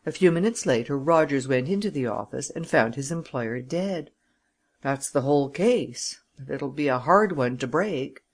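A reader voicing a composed senior lawyer in an audiobook, measured and deliberate. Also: medium pitch, animated. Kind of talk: audiobook character reading.

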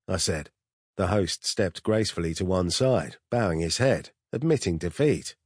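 A man reading a first-person story aloud in a dry, wry, measured way. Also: sits low, breathy edge, dry recording. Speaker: audiobook narrator. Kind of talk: first-person scripted narration.

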